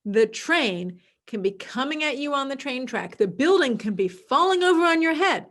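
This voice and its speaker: A woman hosting a podcast, explaining an idea calmly and repeating her key words, sometimes acting out other people's voices. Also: high-pitched, moderate pace. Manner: acts out quoted voices in a dramatic, excited tone. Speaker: podcast host. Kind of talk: solo podcast talk.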